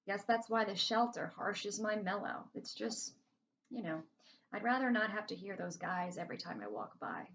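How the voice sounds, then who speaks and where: A woman's voice: mid-range voice, lively intonation, moderate pace, creaky, fairly bright tone, a little hiss or hum. Woman reading a children's story, chatty. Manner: casual, chatty first-person storytelling. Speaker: reader. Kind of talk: reading a children's novel aloud. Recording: slightly muffled lo-fi recording.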